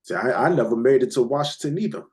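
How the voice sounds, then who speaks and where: Husky-voiced american man, laid-back. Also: mid-range voice, fast, a little mellow. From United States. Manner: laid-back, swears freely, laughs often, stammers on restarts. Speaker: guest, hip hop producer. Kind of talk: casual interview chat. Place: lives abroad, remote call.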